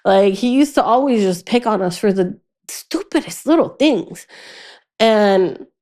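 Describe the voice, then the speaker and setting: A young adult woman as a podcast guest, telling a painful personal story candidly, halting and restarting often and going quiet in the hardest moments. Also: mid-range voice, lively intonation.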